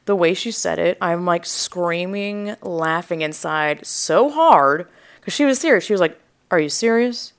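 A young woman podcast host telling a story in a rambling, animated way, full of asides and quoted reactions, with a sore throat. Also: on the low side, unhurried. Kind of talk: casual storytelling.

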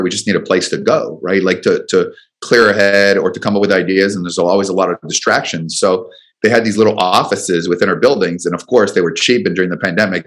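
Male guest coach, lowish voice, lively storyteller who stumbles over repeated words. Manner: animated, repeats words while telling stories. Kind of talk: storytelling in an interview.

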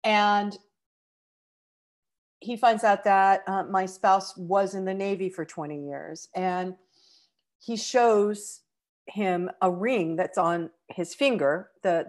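Middle-aged American woman, lowish voice, heartfelt storyteller, halting and emotional. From United States. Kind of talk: personal anecdote.

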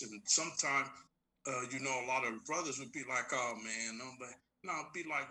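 A man's voice: medium pitch, moderate pace, a little hiss or hum, poor audio. A middle-aged man, telling stories in a casual interview and acting out the people he quotes. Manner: animated storyteller, acts out quoted voices. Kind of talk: casual storytelling conversation.

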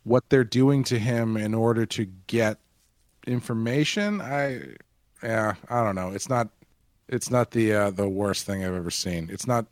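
A man co-hosting a casual podcast discussion, talking in a hesitant way with many pauses and restarts. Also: fairly low pitch, no echo, studio quality. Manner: hesitant, full of fillers and restarts. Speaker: podcast co-host.

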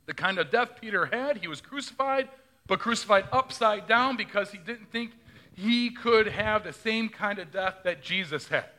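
Bright, high-voiced male pastor preaching. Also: expressive, normal speed. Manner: conversational, asks the congregation questions. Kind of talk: sermon.

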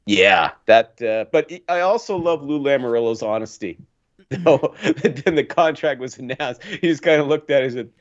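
A man from Nova Scotia co-hosts a hockey podcast in loose, casual chat. He is animated and quick to laugh, and he leans on plenty of "uh" fillers. His pitch is ordinary, and the sound is dull and lo-fi. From Nova Scotia, Canada. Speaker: podcast co-host.

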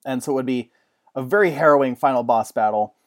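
A man in casual chat, excitable and rambling, often laughing. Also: mid-range voice, fast.

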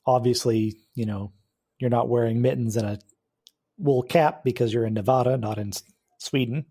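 A man runs a tabletop game in a relaxed, rambling way, full of small hesitations. His voice is mellow and warm at a middle pitch. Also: moderate pace, slightly rough. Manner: relaxed, hesitant narration with many fillers. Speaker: game master.

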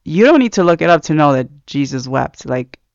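A man's voice: a little high, sing-song, normal speed, creaky, no echo. A man giving a casual, rambling devotional talk about reading scripture, earnest, with many fillers. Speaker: Christian speaker. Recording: dull lo-fi sound, dry.

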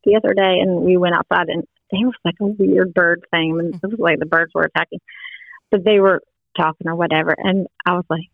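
Older woman, gravelly, tinny line. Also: steady tone, fairly quick, no echo. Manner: warm storytelling with playful high quoted voices. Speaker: guest. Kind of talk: casual podcast chat. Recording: tinny phone-like sound.

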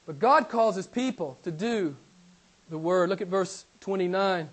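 A high-pitched man delivers a sermon as a pastor, pressing his points home by saying them again and again. He calls his hearers beloved and questions them directly, his level rising to loud emphasis and then dropping to near-hushed asides. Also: measured pace. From United States. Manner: emphatic, repeats key phrases, swings between loud and soft; addresses listeners as beloved, asks them questions.

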